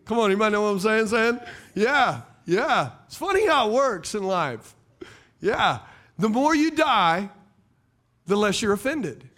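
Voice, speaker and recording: A man's voice: sits high, big pitch swings, a little slow, a bit bright. A middle-aged male pastor preaching a sermon, repeating key phrases and throwing questions at his congregation. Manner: preaching cadence, fires rhetorical questions at the congregation.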